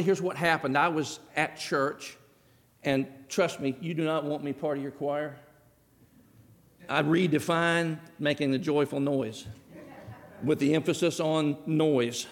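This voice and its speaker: A middle-aged man preaching a sermon in a church, telling stories in a folksy way and acting out the dialogue himself. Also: fairly high pitch. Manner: folksy storytelling, acts out dialogue. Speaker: pastor. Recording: long hall reverb.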